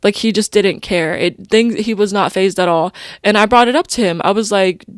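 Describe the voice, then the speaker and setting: A woman's voice: medium pitch, normal speed, smooth, no echo. Rambling young woman, dry close sound. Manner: rambling, stream-of-consciousness, heavy use of "like" and "you know"; emotional, openly personal. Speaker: podcast host. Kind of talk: casual confessional monologue.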